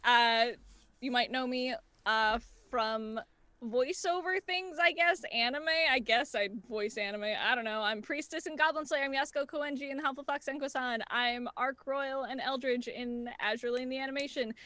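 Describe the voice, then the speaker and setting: High, bright excitable woman. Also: normal speed, dry recording. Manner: excitable, swears casually, trails off. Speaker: player and voice actor. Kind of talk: casual chat and self-introduction.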